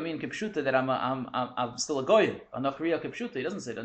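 A man teaching a lively text study class, quick and animated, mixing in Hebrew and Yiddish terms. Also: fairly high pitch, roomy sound.

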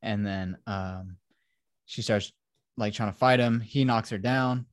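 Young dude swearing his way through a movie recap, lowish voice, dry close mic. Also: a little slow, dry recording. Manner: profane, rambling storyteller. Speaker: podcast host. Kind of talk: casual chat retelling a film.

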